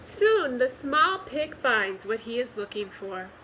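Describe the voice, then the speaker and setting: A woman reading a children's picture book aloud for storytime. Her delivery is gentle and expressive, very slow, with a bright, clear voice that rises and falls a lot. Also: fairly high pitch, a little hiss or hum, poor audio. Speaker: storytime reader.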